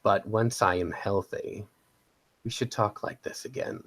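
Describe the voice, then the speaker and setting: A man voicing a twisted, seductive male creature in a tabletop role-play, speaking in a low, hushed, breathy voice. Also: fairly even intonation, measured pace. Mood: menacing, seductive.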